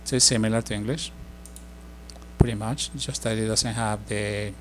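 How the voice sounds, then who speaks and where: A middle-aged man giving a casual spoken language lesson, explaining slowly with many fillers and restarts. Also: on the low side, steady tone, noisy background. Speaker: language teacher.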